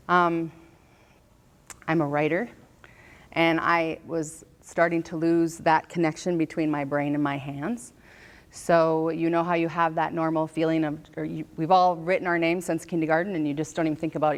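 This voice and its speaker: A woman in her thirties speaks to a live audience about her own life. Her voice sits on the lower side, and she talks earnestly, often repeating a phrase for weight. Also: vocal fry. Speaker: author and speaker.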